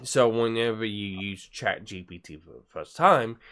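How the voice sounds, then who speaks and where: A man's voice: fairly low pitch, moderate pace, a bit bright. A man streaming live, chatting casually and rambling with frequent stammered restarts and the odd swear. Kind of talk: casual livestream chat.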